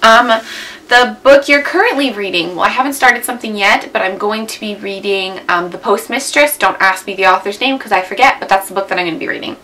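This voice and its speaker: This is a beauty vlogger in her twenties chatting at home for a casual tag video, her rambling sprinkled with "like" and "um." Her mid-range voice is brisk, bright and forceful. The low-quality recording comes from a camera mic.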